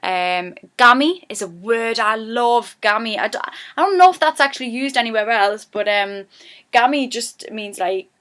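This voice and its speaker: Smooth-voiced Geordie woman teaching. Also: on the high side, moderate pace. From Newcastle, England. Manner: chatty, animated when voicing example phrases. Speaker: YouTuber teaching dialect. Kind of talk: casual spoken lesson.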